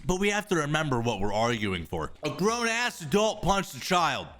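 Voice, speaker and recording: A man rants through a reaction commentary with a wide, animated pitch swing and a hard, forceful edge. He talks in loud, sarcastic, profane outbursts. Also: moderate pace, soft background music. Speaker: streamer commentator.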